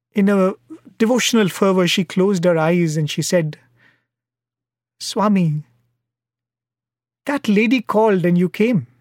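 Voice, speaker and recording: A man giving a devotional talk, telling a story in an earnest, unhurried way. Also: high voice, darkish tone, dry recording, clean studio sound. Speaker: devotional speaker.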